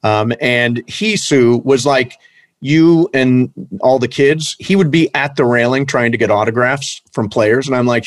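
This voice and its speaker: A man in casual conversation, telling a lively anecdote with energy. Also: mid-range voice, unhurried, dry recording. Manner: animated storyteller, shouts in impressions. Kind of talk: casual chat.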